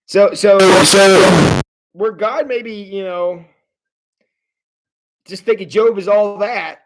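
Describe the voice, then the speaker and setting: A man's voice: high-pitched, takes it slowly, background noise. A man leading a livestreamed Bible study as pastor, talking conversationally and often repeating words as he restarts. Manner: addresses viewers directly.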